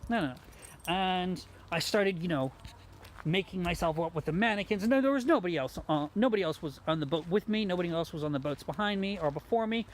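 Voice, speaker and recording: A host telling a story in a casual, animated way, mocking himself and acting out what people said. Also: medium pitch, fairly quick, a little hiss or hum. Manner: animated, self-mocking, acts out quoted lines.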